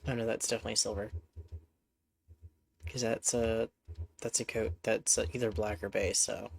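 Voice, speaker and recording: A man's voice: on the low side, little pitch movement, moderate pace, creaky, slightly rough. A man streaming a horse game, talking casually to his horses in a rambling, chatty way, with a congested voice. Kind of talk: casual gameplay commentary.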